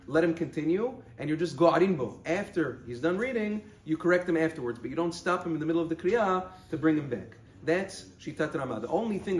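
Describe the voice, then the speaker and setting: Male rabbi, fairly high voice, explanatory teaching manner, roomy echo. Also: slight background noise. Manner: explanatory, stresses words slowly when quoting verses. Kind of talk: halacha lesson.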